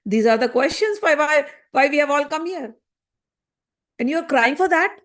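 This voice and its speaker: A woman as a calm, questioning young sage. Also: high voice, moderate pace. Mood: probing. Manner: probing, rhetorical questioning. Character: calm wise young sage, patient teacher.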